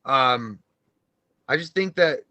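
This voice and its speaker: A man's voice: mid-range voice, animated, slow, pushed and bright, dry recording. A man co-hosting a casual movie podcast, ranting heatedly and profanely with lots of restarts. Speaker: co-host.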